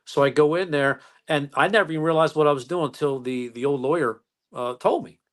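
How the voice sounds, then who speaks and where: A man, a police officer and interview guest, telling stories in a calm, unhurried way. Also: fairly high pitch. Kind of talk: casual chat.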